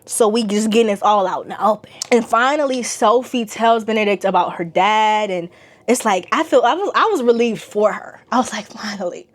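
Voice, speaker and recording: A young woman chatting casually in a slangy, animated way. She laughs often as she talks. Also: mid-range voice, a little fast. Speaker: vlogger reviewing a TV series. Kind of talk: casual chat.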